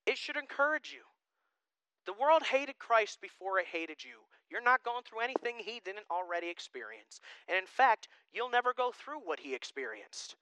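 Animated, bright-voiced male pastor preaching. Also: high voice, normal speed, clear, resonant tone, no room sound. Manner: animated, emphatic, jokey asides. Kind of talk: sermon.

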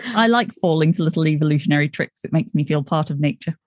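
A woman's voice: low voice, fast, a little mellow, dry recording, clean studio sound. An English woman co-hosting a podcast, chatting casually, wandering into tangents and laughing often. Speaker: podcast co-host. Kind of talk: casual chat.

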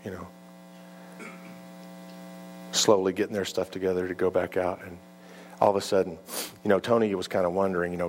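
A male preacher telling a story in a sermon, with halting starts and repeated words, often dropping low and quiet. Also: flat delivery, slight background noise.

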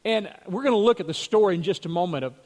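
A man's voice: sits high, lively intonation, fast, a little mellow. A man, the pastor, giving a conversational sermon, telling stories with chuckles and repeating words as he goes.

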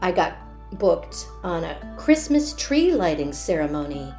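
A woman who works as a children's party performer, casually telling personal stories in an animated way and laughing often. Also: fairly low pitch, measured pace, faint music behind.

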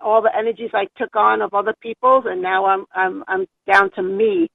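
An older woman with a New York accent calls in to a show and talks in a halting, rambling way. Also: medium pitch, expressive, creaky, dry recording. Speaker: caller. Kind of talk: phone-in call. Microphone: telephone. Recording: tinny phone line.

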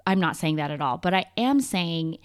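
A woman with a slightly low voice hosts her own podcast and talks straight to listeners. Her delivery is earnest and conversational, and she walks through long lists one item at a time. It comes across as a prepared solo monologue. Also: expressive, moderate pace. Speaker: podcast host.

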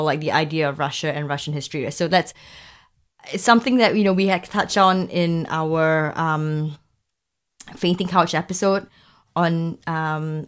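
Chatty woman podcast co-host. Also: on the low side. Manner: chatty, many restarts and fillers, laughs while talking. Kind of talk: casual chat.

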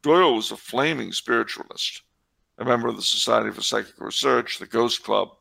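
A man with a deep-set, gravelly voice that is bright and forceful at once. He talks through church history in a casual way, wandering off into sardonic asides. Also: fairly quick. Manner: wry, digressive, sardonic asides. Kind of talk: casual discussion with digressions.

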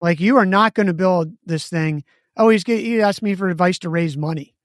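Speaking a little fast in a voice that sits high, this man co-hosts a business podcast, recorded in clean studio sound with no echo. He's an animated storyteller who acts out both sides of the dialogue.

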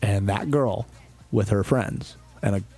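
A young man with a lowish voice spins a long, swearing-laced story on a casual podcast. He rambles and restarts, then slips into the voices of the people in his story. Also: unhurried, mellow. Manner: profane, rambling storyteller who acts out quotes. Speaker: podcast co-host.

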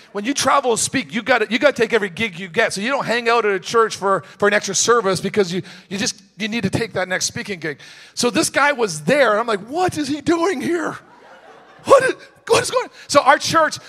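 Male preacher with a high voice, lively storytelling sermon, quiet asides rising to shouts. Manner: storytelling, swings from hushed to shouting.

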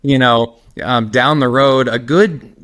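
Slow and fairly even in intonation, this middle-aged man's mid-range voice has a slight brightness. A personal trainer, he's a guest in a casual interview, rambling through anecdotes and laughing as he tells them. The recording is dry and studio quality.

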